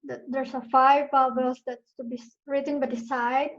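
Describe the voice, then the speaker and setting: A woman student answers questions in a casual online class, pausing to find her words. Her voice is high. The call audio is dull and muffled. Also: level tone. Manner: hesitant, searching for words. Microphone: video call.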